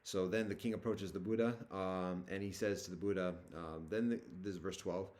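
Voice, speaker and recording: A man's voice: deep voice, steady tone, normal speed, a little mellow. A man reading a sacred text aloud and retelling it in his own loose, slangy words, hesitant with fillers and restarts. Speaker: teacher walking through a scripture.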